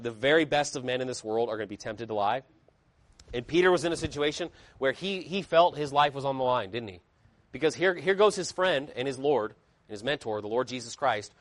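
A man's voice: a little high, dry recording. A man preaching a sermon with emphatic, rising and falling intensity, reading scripture aloud in old-style wording.

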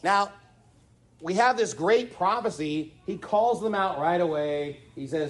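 A man's voice: high voice, a little slow. A man preaching a sermon, emphatic and rhetorical, hammering points with repetition and sarcastic asides. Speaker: pastor.

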